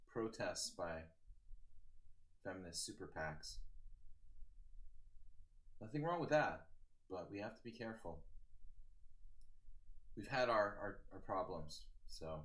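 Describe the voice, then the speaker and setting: A man's voice: low-pitched, a bit bright. A man streaming chess live, with casual commentary and joking banter aimed at his chat.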